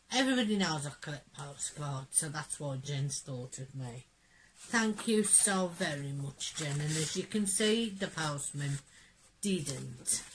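A woman talks in a slow, easy rhythm, her voice a little croaky from a cold. She sits at the lower end of the female range and sounds gently delighted as she chats through her mail. A faint hum of room noise sits behind her. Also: low-quality recording. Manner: gentle, chatty, softly enthusiastic. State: hoarse, croaky from illness. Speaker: craft channel vlogger. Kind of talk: casual chat opening mail.

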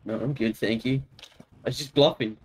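A man's voice: mid-range voice, moderate pace, slightly rough, rough recording. A man roleplaying in a game, suspicious and probing, teasing the other player with questions. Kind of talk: in-character game roleplay chat.

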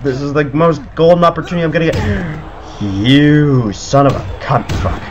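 A man giving excitable let's play commentary, breaking into panicky outbursts and cursing. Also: fairly high pitch, normal speed, slight background noise. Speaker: gaming video creator. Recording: slightly muffled audio with game music. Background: video game music.

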